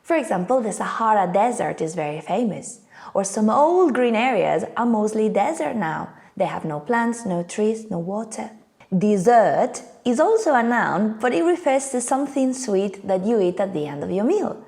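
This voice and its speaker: A woman's voice: medium pitch, big pitch swings, moderate pace, darkish tone. A woman, not a native English speaker, teaching an online English lesson in a playful way with little acted scenes.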